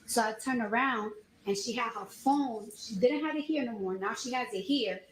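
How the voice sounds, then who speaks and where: A woman testifying as a witness at trial, telling her story in an animated, emphatic way. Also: on the high side, moderate pace, a little hiss or hum. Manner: animated storytelling, voice rises when she recounts the argument. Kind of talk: courtroom testimony. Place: courtroom. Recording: echoey courtroom audio.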